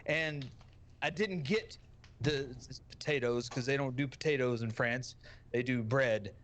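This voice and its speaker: A man's voice: mid-range voice, measured pace, a bit bright, a little hiss or hum. Brash, foul-mouthed Texan man ranting. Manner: brash, profane, joking rant. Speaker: streamer guest. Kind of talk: casual podcast storytelling.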